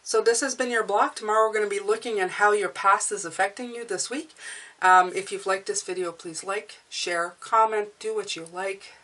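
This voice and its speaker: Animated woman giving a tarot reading. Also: mid-range voice, normal speed. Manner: animated, repeats words, talks straight to the viewer. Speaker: tarot reader. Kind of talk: casual tarot reading to camera.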